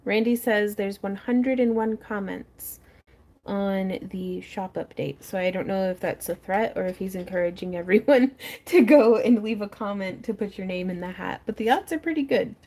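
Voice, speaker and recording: A woman's voice: mid-range voice, moderate pace, mellow. A woman hosting a craft livestream from her front porch, chatting casually as she works, reading viewer comments aloud and laughing often into a close mic. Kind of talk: casual chat while crafting.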